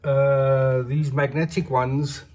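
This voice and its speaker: Slow, rambling man showing his collectibles. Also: medium pitch, little pitch movement, darkish tone. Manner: rambling and chatty, with tag questions like "eh?". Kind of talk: casual show-and-tell vlog.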